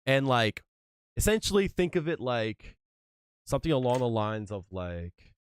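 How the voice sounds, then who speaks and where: A man's voice: medium pitch, big pitch swings, a little slow, clear, resonant tone, dry recording, studio quality. A man streaming and chatting casually, telling stories in a profane, emphatic way. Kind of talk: casual livestream chat.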